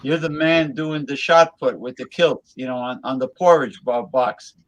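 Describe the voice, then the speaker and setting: A man hosting a casual livestream chat, who talks in halting restarts with many fillers and repeats himself to hold the floor. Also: mid-range voice, low-quality recording. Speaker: livestream host.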